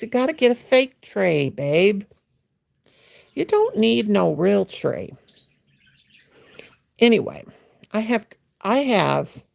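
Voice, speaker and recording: Gravelly, rambling woman chatting on a livestream. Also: mid-range voice, darkish tone, no room sound, clean studio sound. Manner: rambling, chatty, talks to viewers by name; teasing, playful, mimics a gushing voice. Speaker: livestream host. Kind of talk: casual livestream chat. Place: home at night.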